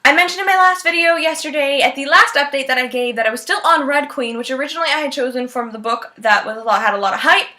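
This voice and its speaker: A woman's voice: high-pitched, quick pace, few pauses, pushed and bright. A young woman vlogging about books from her bedroom, upbeat and chatty. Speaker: book vlogger. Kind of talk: casual vlog talk.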